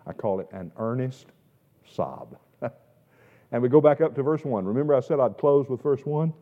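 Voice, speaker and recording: A male pastor delivers a sermon with a lively, rising and falling delivery, stressing key words hard and then dropping to quiet asides. His voice rings through a long church echo, and the recording sounds dull and lo-fi. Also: medium pitch, moderate pace. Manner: emphatic, swings between loud stress and quiet asides; repeats words while restarting. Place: church sanctuary. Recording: echoey hall, dull lo-fi sound.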